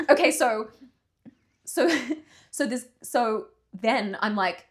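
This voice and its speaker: A woman's voice: a little high, slow pace. A young woman co-hosting a podcast, telling a story in casual chat, acting out the voices of the people in it. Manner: animated, acts out quoted voices, swears casually. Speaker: podcast co-host.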